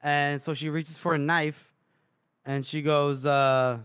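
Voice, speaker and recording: A man on a podcast rambling through a chapter recap, full of "uh" and "you know". His voice sits a bit high, smooth and crisp, and the sound is dry and close. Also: flat delivery, slow, a bit bright, dry recording. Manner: rambling retelling, lots of fillers and quotes. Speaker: podcast co-host. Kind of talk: casual podcast book recap.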